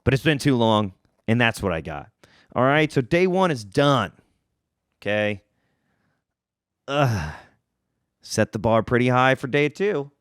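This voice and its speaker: A male podcast host tells an embarrassing story in a loose, self-mocking way. His voice swings widely in pitch and he speaks at an unhurried pace. The sound is dry and close, with no room echo. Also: clean tone. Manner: animated, self-mocking, jumps up in pitch for emphasis. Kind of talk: casual storytelling.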